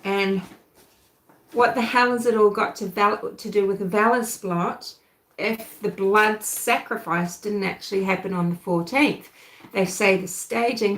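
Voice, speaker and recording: A woman from New Zealand with a softened New Zealand accent, hosting a casual true-crime livestream and chatting with viewers. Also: medium pitch, a little slow, roomy sound, rough recording. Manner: chatty, thinks aloud, answers live chat. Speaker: livestream host.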